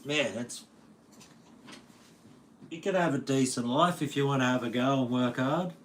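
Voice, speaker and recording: A man's voice: medium pitch, measured pace, pauses often. A middle-aged man with an Australian accent rambles through a casual livestream from home, loose and slangy, with plenty of swearing. His voice sits in an ordinary middle register. A faint hum of noise runs underneath. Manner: laid-back, slangy and profane. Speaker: metal guitar teacher streaming live.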